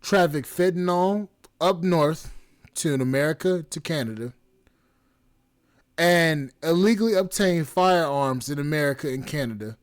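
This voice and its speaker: A man's voice: on the high side, a little slow. A young man hosting a podcast, talking bluntly and profanely in an exasperated, repetitive way. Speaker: podcast host. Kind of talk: casual commentary.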